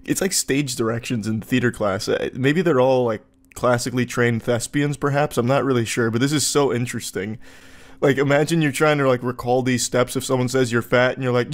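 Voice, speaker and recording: A man giving reaction commentary in a sarcastic, incredulous tone, often jumping into exaggerated high quips. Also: fairly even intonation, a little fast. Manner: sarcastic, incredulous, mock-puzzled. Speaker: online commentator.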